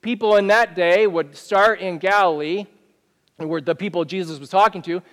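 A man preaching a sermon as pastor, talking in a conversational, animated way with many questions to the listeners. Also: high voice, normal speed. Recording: long reverb of a church hall.

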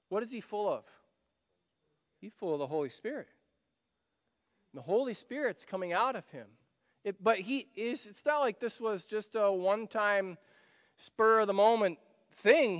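A man preaching a sermon in a conversational way, asking rhetorical questions and swinging between loud emphasis and quiet asides. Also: high voice, in a large hall. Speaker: pastor.

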